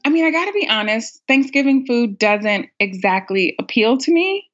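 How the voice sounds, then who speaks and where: A woman's voice: a little high, big pitch swings, normal speed. Young woman caller, casual, self-mocking, laughs a lot; dull lo-fi recording. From United States. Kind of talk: casual storytelling. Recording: dull lo-fi sound.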